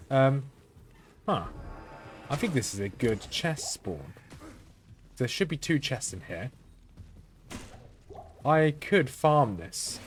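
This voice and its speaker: A man hosting a let's-play, talking through his game in a flat, understated way as he thinks aloud. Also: mid-range voice, slight background noise. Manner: monotone, understated delivery; thinking aloud while playing. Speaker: gaming channel host.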